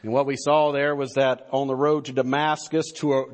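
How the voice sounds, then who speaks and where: A man's voice: medium pitch, little pitch movement, moderate pace. A man preaching a sermon as pastor, earnest and emphatic, building points through repetition.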